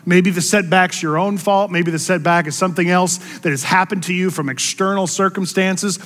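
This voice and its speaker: Preaching man in a reverberant hall. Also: moderate pace. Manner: expressive, rises in pitch and volume for quoted words. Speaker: pastor. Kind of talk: sermon.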